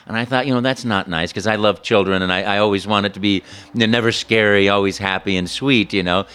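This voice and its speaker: Animated man telling stories, stammering. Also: lowish voice, fast, clear, resonant tone. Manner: animated, stammers and restarts, slips into character voices. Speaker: voice actor. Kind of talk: interview storytelling.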